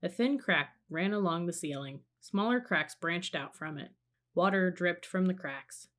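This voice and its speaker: Woman, storybook reader, calm, measured, lowish voice. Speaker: audiobook reader. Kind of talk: storybook narration.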